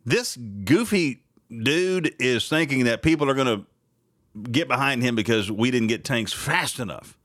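A man's voice: mid-range voice, a little slow, no echo, studio quality. Blunt, laughing male radio host. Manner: blunt, animated, laughs often. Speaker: radio talk show host. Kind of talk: opinionated morning talk radio.

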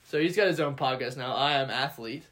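A man's voice: medium pitch, brisk. A man co-hosting a casual sports podcast, setting up clips and laughing easily. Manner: laughing, relaxed storyteller, sets up clips. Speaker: podcast co-host. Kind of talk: casual chat.

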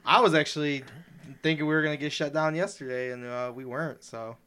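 A young man co-hosting a podcast, joking and quick to laugh in casual chat. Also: on the high side, steady tone, pushed and bright, smooth. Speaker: podcast co-host.

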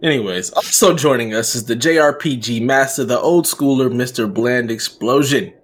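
A man's voice: medium pitch, normal speed. A man hosting a casual chat, giving playful, grandiose introductions. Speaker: podcast host.

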